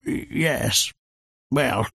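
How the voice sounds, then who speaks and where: A man voicing an older English statesman, pompous and gruff, in a low muttering tone in a storybook reading. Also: drawn-out words, bright, forceful tone, no echo, studio quality, full character voice. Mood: flustered.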